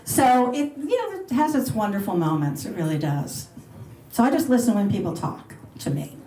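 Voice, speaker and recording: A woman's voice: medium pitch, lively intonation, moderate pace, warm tone. Middle-aged female radio host, chatty and laughing, live in a reverberant dining room. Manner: chatty, laughing, bubbly asides. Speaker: radio host speaking at a luncheon. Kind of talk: casual talk and Q&A with an audience. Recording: roomy live event recording.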